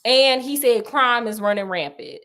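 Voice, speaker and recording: A woman's voice: fairly high pitch, moderate pace, pushed and bright. A woman voicing a flustered male doctor who pleads in exasperation. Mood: exasperated. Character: flustered male doctor fussing over a patient.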